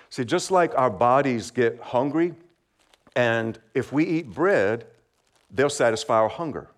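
A man with a medium-pitched, lively voice speaks a little slowly as he gives a simple children's sermon. Friendly and encouraging, he has the congregation repeat words back in call-and-response and laughs lightly between points.

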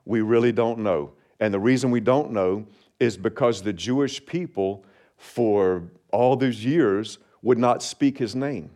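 A man preaching a sermon as pastor, measured and deliberate, slowing down on key phrases and leading the congregation in reading along. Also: lowish voice, darkish tone. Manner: leads congregation in responsive reading.

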